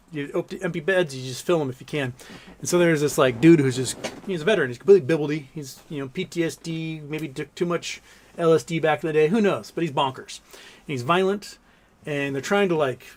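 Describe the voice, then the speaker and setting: A man hosting a casual livestream, reading chat messages aloud and telling long, rambling stories with plenty of swearing. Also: a little high. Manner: rambling, profane, storytelling, reads chat aloud. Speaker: livestream host.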